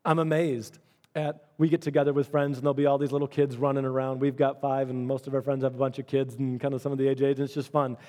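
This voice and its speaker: A man's voice: medium pitch, level tone, quick pace, a little mellow. A middle-aged man preaching a sermon as pastor, in an earnest, conversational way that repeats phrases for emphasis.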